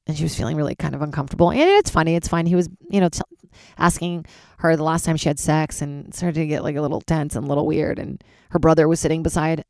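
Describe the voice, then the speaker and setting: A woman stand-up comedian hosting her own podcast, rambling casually, swearing freely and jumping wildly in pitch. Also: gravelly, no room sound, clean studio sound. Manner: animated, swears freely, big jumps in pitch.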